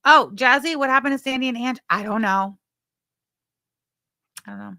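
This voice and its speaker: A woman's voice: fairly high pitch, normal speed, creaky, bright, forceful tone, dry recording, clean studio sound. A woman hosting a livestream, bluntly chatting, swearing and thanking viewers for super chats. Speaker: livestream host. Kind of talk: casual livestream commentary.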